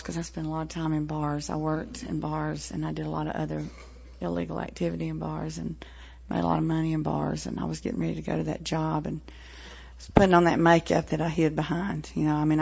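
A woman in her forties with a Southern American accent gives a plainspoken personal testimony to a meeting. Her lowish voice is gravelly with fry, and it comes through a dull, lo-fi recording. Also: steady tone, fairly quick, darkish tone. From American South, Tennessee-Mississippi line. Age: 40s. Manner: frank, plainspoken, with fillers and wry laughs. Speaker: recovery meeting speaker.

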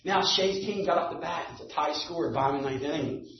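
A man telling an animated story to a recovery meeting group, building to shouts at the big moments. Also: a little high, brisk, a little hiss or hum. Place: meeting room. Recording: echoey room, distant dull mic.

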